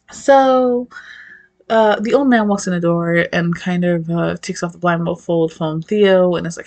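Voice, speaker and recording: A woman's voice: fairly low pitch, fairly even intonation, normal speed, a little mellow. A woman casually retelling a story, chatty and full of swearing and "like". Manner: chatty, swears a lot, lots of "like". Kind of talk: casual chat.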